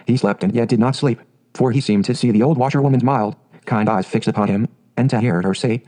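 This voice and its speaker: Guy reading a fairy tale audiobook, dark mellow voice, steady pace. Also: mid-range voice, fairly quick, poor audio. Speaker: narrator.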